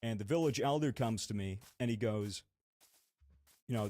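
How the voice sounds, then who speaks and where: A man's voice: on the low side, normal speed, pauses often, warm tone, dry recording. A young man co-hosting a podcast, telling a long story in a rambling, casual way with many fillers and some swearing. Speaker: podcast co-host.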